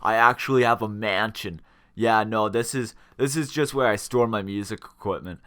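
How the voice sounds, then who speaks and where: A man voicing his drunk male neighbour, a slurring braggart who talks lower and quieter than his own voice. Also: normal speed, smooth, close to an everyday voice. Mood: drunk, boastful.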